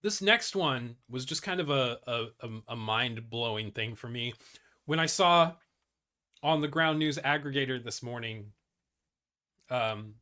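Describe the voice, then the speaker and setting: A man's voice: mid-range voice, pushed and bright. A man hosting a casual news commentary show, reading articles aloud with blunt, profane asides and many fillers and restarts.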